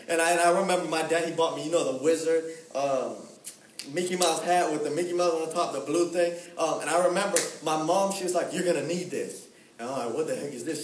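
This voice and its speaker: A young man preaching in a lively, slangy storytelling style, acting out the voices of the people in his story. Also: fairly high pitch. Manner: animated, slangy, acts out voices. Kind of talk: storytelling sermon. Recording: echoey room, mic at a distance.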